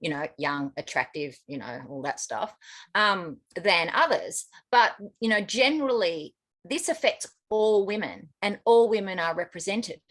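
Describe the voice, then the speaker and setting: A woman's voice: mid-range voice, animated, measured pace, a bit bright. An Australian woman co-hosting a podcast in casual chat, with chatty, self-mocking asides. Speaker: podcast co-host.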